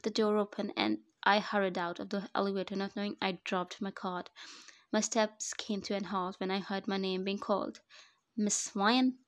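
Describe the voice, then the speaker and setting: A woman's voice: mid-range voice, level tone, moderate pace. A woman narrating her own fan fiction story in the first person, in a conversational voice-over. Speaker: narrator and author.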